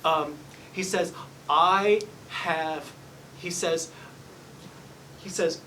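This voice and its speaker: A man's voice: on the high side, fairly even intonation, drawn-out words, distant mic, background noise. A man working as a psychic medium, giving a live reading in a salon and politely apologizing as he relays messages. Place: hair salon, indoors.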